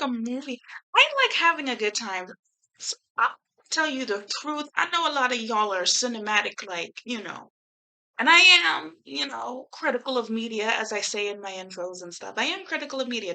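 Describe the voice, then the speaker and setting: A young woman talks straight to her camera in a loose, chatty movie review. Her voice sits a little high and has a bright, forceful edge. She is lively and slangy, laughs easily and swears without a second thought. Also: fairly quick, rough recording. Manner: animated, laughs a lot, swears freely, slangy. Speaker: YouTuber reviewing a film.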